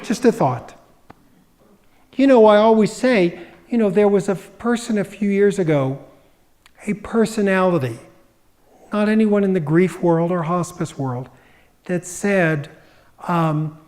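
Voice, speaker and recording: High-voiced man giving a talk. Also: animated, a little slow, long pauses, darkish tone. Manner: storytelling, acts out quoted voices. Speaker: grief expert giving a public talk. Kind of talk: public presentation.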